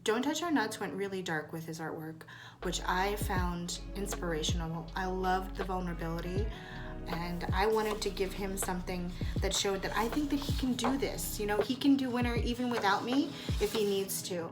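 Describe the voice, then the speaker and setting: A woman's voice: mid-range voice, normal speed. A woman judging the show's challenges, giving earnest and amused praise in casual commentary. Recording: music playing loudly behind.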